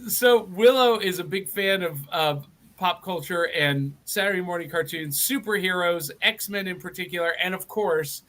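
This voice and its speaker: A man's voice: sits high, normal speed, a bit bright. A middle-aged man from Middle Tennessee hosting a live online show, chatty and enthusiastic with frequent restarts. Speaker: host.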